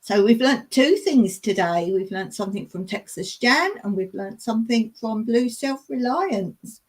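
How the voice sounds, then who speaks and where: A woman's voice: on the high side, expressive, unhurried. A woman hosting a casual live chat, giggly and chatty as she reads out viewer comments. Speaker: livestream host.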